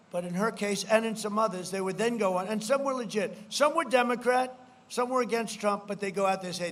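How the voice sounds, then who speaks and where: High-voiced man shouting through a rally speech. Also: a little hiss or hum. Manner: rambling, repetitive, swings into shouted punchlines; mocking mimicry of opponents. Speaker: politician addressing a rally. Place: large political rally.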